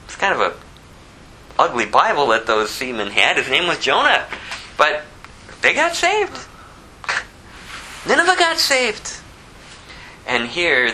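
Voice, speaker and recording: A man preaching a verse-by-verse sermon, telling the story animatedly and swinging from loud to hushed. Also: mid-range voice, slight background noise, poor audio. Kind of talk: expository sermon.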